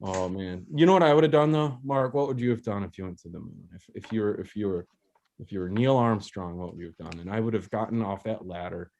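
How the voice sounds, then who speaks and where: A man's voice: on the low side, quick pace, darkish tone. A young man hosting an open mic over a video call, doing a rambling, self-mocking stand-up bit with frequent laughs and restarts. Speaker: open mic host and comedian.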